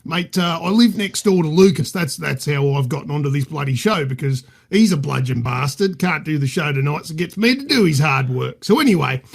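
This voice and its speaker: A man's voice: fairly high pitch, animated, a little fast, vocal fry, hardly any pauses, husky, full character voice. A man with an Australian accent playing a crude, boastful middle-aged bloke who rambles and swears as a podcast guest. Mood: cheeky. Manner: cheeky, rambling, swears freely. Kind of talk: improvised comedy character.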